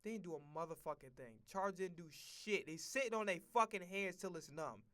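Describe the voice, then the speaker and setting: A man's voice: high-pitched, expressive, brisk, fairly bright tone, smooth. A man streaming a casual football rant, blunt and profane, full of slang and repeated phrases. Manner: profane, blunt, heated ranting.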